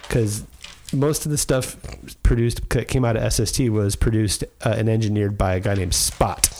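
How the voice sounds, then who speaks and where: A man with a low, slightly mellow voice hosts a casual podcast chat at a moderate pace, with fairly even intonation and a little hiss or hum in the background. He rambles enthusiastically, using lots of filler words.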